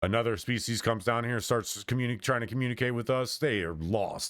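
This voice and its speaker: A man's voice: mid-range voice, a little fast, few pauses, fairly bright tone, dry recording, clean studio sound. A man streamer in his thirties talking in a meandering, casual monologue, often restarting and trailing off mid-sentence.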